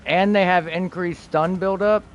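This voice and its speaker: A man's voice: high voice, fairly even intonation, unhurried, dull audio, slight background noise. A young man streaming a game, chatting casually, trailing off and swearing now and then. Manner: laid-back, swears casually, trails off mid-sentence. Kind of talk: casual gaming stream chat.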